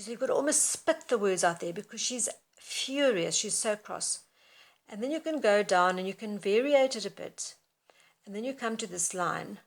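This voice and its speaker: A teacher walks students through a story, explaining how to read each part aloud with feeling. Her mid-pitched voice carries a noticeable vocal fry. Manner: explains expressively, then reads passages aloud. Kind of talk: reading-aloud lesson.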